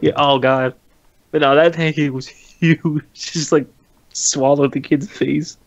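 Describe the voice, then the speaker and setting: A man's voice: fairly high pitch, fairly even intonation, takes it slowly, gravelly, dull audio. A man casually chatting about wrestling as a podcast co-host, laughing often and swearing casually.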